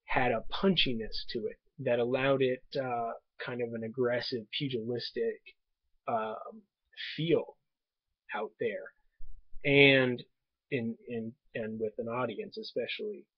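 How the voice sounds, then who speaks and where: Guy explaining something slowly into his webcam, kinda husky, dull muffled sound. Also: mid-range voice, fairly even intonation, no echo. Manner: slow, measured, with many ums and restarts. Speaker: tutor. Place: indoors at home desk. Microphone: webcam microphone.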